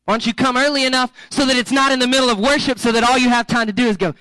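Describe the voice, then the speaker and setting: A male pastor preaches with a very high, bright, ringing voice, joking and coaxing his congregation along. The sound is close and dry, with almost no room around it. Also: steady tone, racing, clean tone, dry recording, low-quality recording. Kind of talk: sermon.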